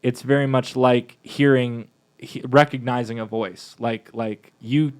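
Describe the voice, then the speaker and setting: A man's voice: medium pitch, fairly even intonation, measured pace, smooth. A man co-hosting a parish podcast, chatting casually in a rambling way with many fillers and restarts. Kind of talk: casual chat.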